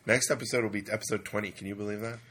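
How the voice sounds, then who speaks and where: A man hosting a podcast in casual chat, his voice hoarse from a weekend of screaming, joking and self-mocking. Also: fairly low pitch, steady tone, rapid-fire, fairly bright tone. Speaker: podcast host.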